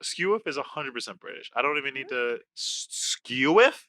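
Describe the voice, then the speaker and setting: A young man co-hosting a podcast in casual chat, excitable and loud and swearing freely. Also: medium pitch, normal speed. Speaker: podcast co-host.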